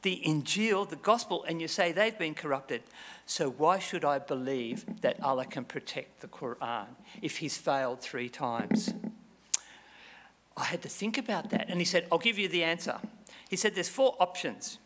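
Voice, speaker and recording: A man telling a parable in a lecture, acting out the characters' lines with sudden jumps in pitch. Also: normal speed. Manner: animated storyteller, voices characters with high pitch jumps. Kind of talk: storytelling lecture. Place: lecture hall.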